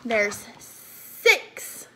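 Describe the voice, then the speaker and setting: A preschool teacher reading a picture book aloud to young children, animated and coaxing them to count along. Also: female voice, extremely slow, slight background noise.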